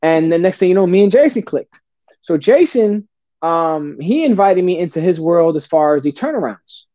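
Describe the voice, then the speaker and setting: A man's voice: sits high, lively intonation, moderate pace, mellow, no echo, lo-fi sound. Blunt, profane Bronx-accented man. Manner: blunt and profane, street slang. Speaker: podcast guest. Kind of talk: casual interview talk.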